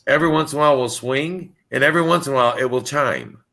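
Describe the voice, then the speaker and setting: Bright-voiced man telling a family story. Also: medium pitch, gravelly. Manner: halting, repeats words when starting. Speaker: caller sharing a story. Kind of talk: casual storytelling.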